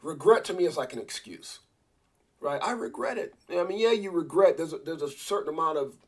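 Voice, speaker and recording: A man with a slightly high, somewhat bright, faintly rough voice hosts a casual crypto livestream. He rambles, often restarting and repeating words, and talks straight to his viewers and a co-host.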